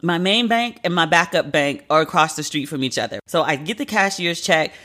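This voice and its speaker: A woman's voice: sits low, expressive, fairly quick, fairly bright tone. A woman in her late thirties hosting a podcast alone, telling a story in a candid, profane, exasperated way. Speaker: podcast host. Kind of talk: casual solo podcast monologue.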